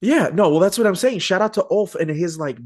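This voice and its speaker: A man hosting a podcast interview, telling stories in an animated, joking, slangy way. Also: high voice, fairly quick, no room sound, clean studio sound. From Arizona. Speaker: podcast host. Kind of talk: casual interview chat.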